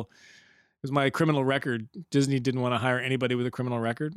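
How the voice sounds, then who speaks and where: Man, rambling joker, casual chat, dry close sound, mid pitch. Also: steady tone, fast, clear, resonant tone, no echo. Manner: joking, rambling, laughs often. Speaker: podcast co-host.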